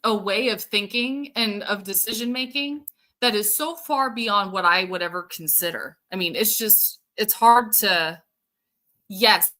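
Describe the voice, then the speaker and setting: A woman's voice: mid-range voice, unhurried, pushed and bright. A woman hosting a casual livestream, chatting and answering viewer comments while thinking aloud with plenty of fillers. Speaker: show host.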